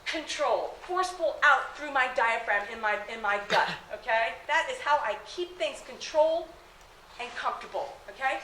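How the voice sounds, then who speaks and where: A woman working as a high school athletic trainer, talking casually to students, often asking "okay?" and laughing. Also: lively intonation, moderate pace, bright, forceful tone, slight background noise. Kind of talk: classroom talk to students. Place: school room. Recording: echoey room.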